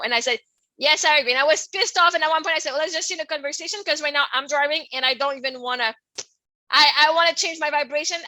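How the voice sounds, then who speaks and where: A middle-aged French Canadian woman hosts her own podcast, talking in a loose, rambling monologue that keeps circling back to "right?" Her voice sits high and sounds bright, and it swings between soft, hushed stretches and loud outbursts. The recording is dry and close. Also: no room sound, poor audio. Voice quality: expressive, laughs often, swings from soft to loud. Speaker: podcast host. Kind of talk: casual personal monologue.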